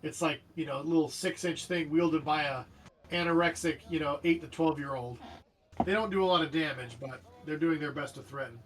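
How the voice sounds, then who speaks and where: High-voiced, animated male game master. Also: brisk. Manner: animated, jokey, describes vividly. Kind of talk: narrating a tabletop game. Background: faint background music.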